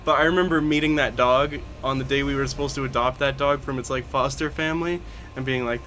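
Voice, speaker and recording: A man chats casually while streaming a video game, rambling and giggling through profane stories. His voice sits a little high, with a faint hum of noise in the background. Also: fairly even intonation, fairly quick, bright, forceful tone. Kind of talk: casual gameplay commentary.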